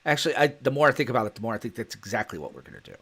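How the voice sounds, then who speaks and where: A man's voice: medium pitch, sing-song, racing, fairly bright tone, husky. A man co-hosting a podcast in casual chat, rambling through stories and laughing often. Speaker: podcast co-host.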